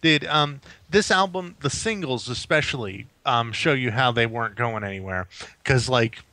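A man's voice: medium pitch, normal speed, sharp tone, no echo. A man co-hosting a podcast, chatting casually about an album with lots of "um" and "like" and casual swearing. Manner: rambling, frequent "um" and "like", swears casually. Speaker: podcast co-host. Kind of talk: casual music review chat.

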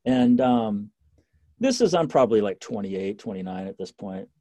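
A man telling stories in a casual interview, lively and full of fillers and restarts. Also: fairly low pitch, moderate pace. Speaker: interview guest.

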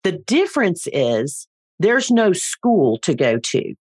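A middle-aged woman talks as a podcast guest, chatty and full of playful asides. Her pitch swings widely, and the recording is dry and close. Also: big pitch swings, takes it slowly, darkish tone, breathy edge, no echo. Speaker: speaker coach guest. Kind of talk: casual interview.

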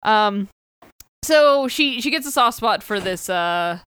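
A woman's voice: medium pitch, expressive, slow pace, fairly bright tone, clean tone. A woman recapping a book in casual chat, swearing freely and acting out quotes in a raised voice. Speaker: podcast co-host.

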